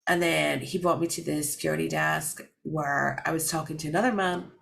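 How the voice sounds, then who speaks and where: A woman's voice: deep voice, steady tone, fairly quick, gravelly, fairly bright tone, poor audio. A young woman vlogger telling a story casually to camera, rambling with lots of fillers and restarts.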